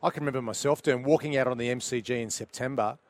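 A man, a former coach, speaking in a measured, thoughtful way on sports radio. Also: medium pitch, fairly even intonation. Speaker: former coach and player, pundit.

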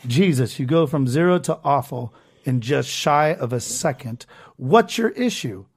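A man's voice: medium pitch, lively intonation, a little slow, slightly rough. A man hosting a podcast, ranting casually and with lots of swearing while reading comments aloud. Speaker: podcast host.

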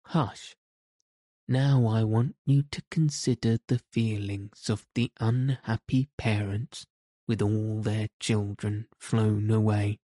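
A man voicing a motherly young girl telling a bedtime story, in a lifted, soft, coaxing voice, in an audiobook. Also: on the low side, steady tone, slow, dry recording, clean studio sound. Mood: hushing.

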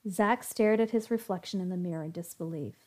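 A woman reading a story aloud in a steady, even narration. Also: fairly low pitch, a little fast. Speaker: story reader.

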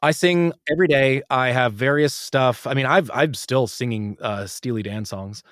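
A man with an American accent, an audiobook narrator, talking animatedly in a casual interview and jumping quickly between ideas. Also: medium pitch, fairly bright tone. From United States.

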